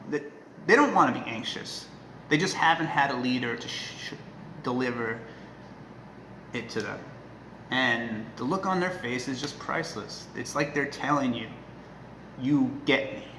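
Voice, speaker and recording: A man talking casually to the camera as a dog trainer, earnest and emphatic, often checking in with a quick "right?". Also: medium pitch, sharp tone. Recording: echoey room with faint noise.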